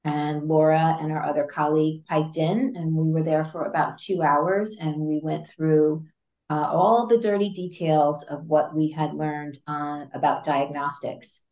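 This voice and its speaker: A woman guest in an interview, telling a story in a lively way with frequent laughs, fillers and restarts. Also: deep voice, measured pace. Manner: animated, laughs often, many fillers and restarts. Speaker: interview guest, patient advocate. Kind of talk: conversational storytelling. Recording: roomy echo.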